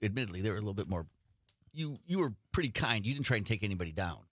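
A man's voice: on the low side, very animated, racing, no room sound. A man hosting a casual talk show, asking rambling questions with lots of stammering restarts. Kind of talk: casual chat.

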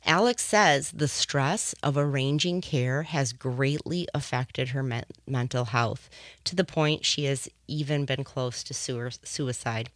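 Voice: medium pitch, a little slow, a bit bright, no room sound. Earnest radio talk host, dry sound. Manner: earnest, impassioned, personal. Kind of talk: opinion commentary on the radio.

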